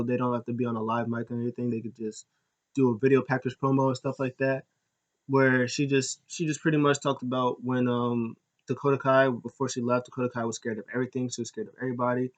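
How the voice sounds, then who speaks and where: Rambling, excitable man chatting casually. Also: mid-range voice. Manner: rambling, full of fillers and restarts; enthusiastic fan. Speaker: podcast host. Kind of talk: casual recap chat.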